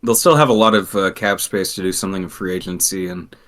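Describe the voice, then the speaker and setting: A man chatting casually on a podcast, animated and quick to laugh as he tells a story. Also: sits low. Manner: animated, laughs often, trails into restarts. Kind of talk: casual hockey chat.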